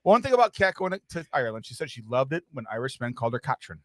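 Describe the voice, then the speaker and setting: A man's voice: mid-range voice, very animated, rapid-fire, dry recording. A man co-hosting a podcast, telling a rambling, profane story in casual chat. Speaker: podcast co-host.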